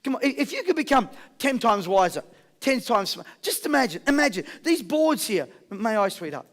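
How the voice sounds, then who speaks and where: Very high-pitched and brisk, a man delivers a live motivational seminar. He keeps the audience calling back energetically and tells stories with a jokey edge.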